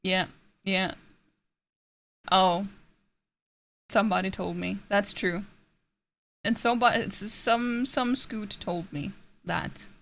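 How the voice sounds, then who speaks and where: Gravelly-voiced woman streamer. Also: mid-range voice, steady tone, slow, long pauses, fairly bright tone. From Norway. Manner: rambling, self-interrupting, laughs often. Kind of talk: casual chat reading out chat messages. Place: home streaming setup.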